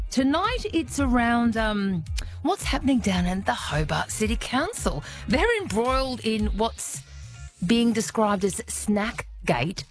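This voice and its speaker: A middle-aged Australian woman hosting an evening talkback radio show, chatty, laughing often and quizzing her listeners. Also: fairly high pitch.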